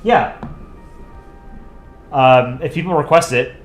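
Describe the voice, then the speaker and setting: Relaxed young man chatting while drawing. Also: medium pitch, normal speed, faint music behind. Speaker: streamer drawing live. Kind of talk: casual livestream chat.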